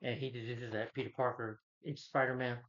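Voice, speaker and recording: A man's voice: medium pitch, flat delivery, fairly quick, fairly bright tone, highs cut off. A man casually recapping a film. He rambles, corrects himself and retells scenes with quotes. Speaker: film reviewer.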